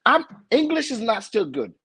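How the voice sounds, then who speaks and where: Lively husky man. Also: very high-pitched, normal speed, rough recording. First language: French. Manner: animated, stammering repeats, acts out other voices. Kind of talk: casual comic storytelling.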